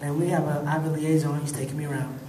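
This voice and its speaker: A man's voice: a little high, racing. A man in his thirties telling laid-back, laughing stories about his acting work, acting out the voices of the people in them. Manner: laid-back, laughing often, animated when acting out quotes. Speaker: actor telling stories at a fan convention panel. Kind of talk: casual storytelling. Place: convention hall with an audience. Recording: echoey hall, distant mic, crowd noise.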